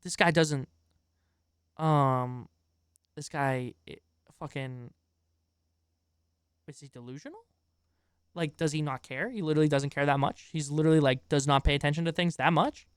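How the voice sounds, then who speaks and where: A man's voice: fairly high pitch, fairly even intonation, moderate pace, pauses often, clear, resonant tone, no room sound, studio quality. A man streaming a reaction video, ranting in an exasperated, profane way and chatting with his viewers in between. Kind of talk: live-stream reaction commentary.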